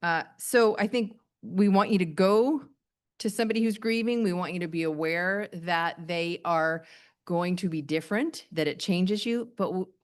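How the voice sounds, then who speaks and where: A middle-aged woman giving a sermon in a gentle, plainspoken, reassuring way. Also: lowish voice, moderate pace. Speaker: pastor.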